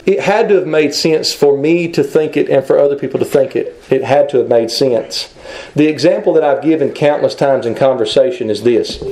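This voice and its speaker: A man's voice: medium pitch, a little mellow, echoey room, low-quality recording. A man preaching a sermon, reasoning aloud and posing rhetorical questions to his listeners.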